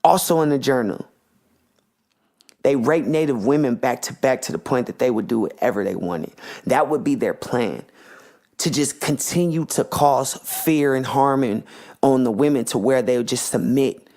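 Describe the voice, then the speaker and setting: A man delivering a podcast monologue, heated and full of slang and swearing. His voice sits at an ordinary middle pitch for a man. He keeps the talk loose and worked up, like a host venting to his listeners. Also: normal speed, darkish tone. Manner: impassioned, profane, slangy ranting.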